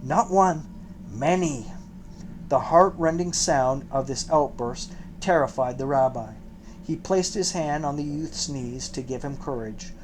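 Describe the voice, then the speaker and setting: Man narrating an audiobook, measured. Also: mid-range voice, a little hiss or hum, rough recording. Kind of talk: scripted narration.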